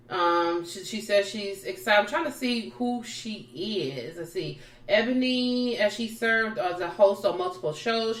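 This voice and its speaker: A woman co-hosting a podcast, casually retelling reality TV drama and acting out the people she quotes. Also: mid-range voice. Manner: animated storyteller, acts out the people she quotes. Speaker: podcast co-host. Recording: roomy sound, distant from the mic.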